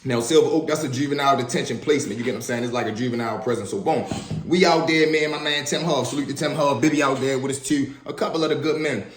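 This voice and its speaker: A man in his twenties telling personal stories in a casual, slangy, animated way, often turning to the listeners with asides. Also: mid-range voice, fast, slight background noise. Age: 20s. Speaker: storyteller. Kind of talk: casual storytelling vlog. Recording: echoey room.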